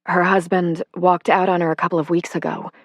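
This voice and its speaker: A woman's voice: fairly low pitch, level tone, brisk, dry recording, lightly acted. A woman reading aloud, voicing a worried female social worker who asks anxious, earnest questions about her friend.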